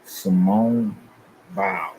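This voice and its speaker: A man's voice: on the low side, steady tone, very slow, darkish tone, slight background noise, low-quality recording. A man hosting his channel, talking loosely and profanely in a confrontational rant to his viewers. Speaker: channel host.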